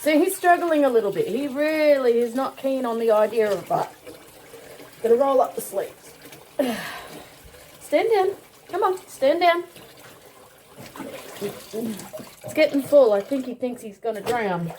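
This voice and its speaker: A woman's voice: normal speed, a little hiss or hum. A woman casually narrating a how-to video while washing her dog outdoors. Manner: chatty, talks to her dog in a very high excited voice. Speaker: vlogger showing how to bathe a dog.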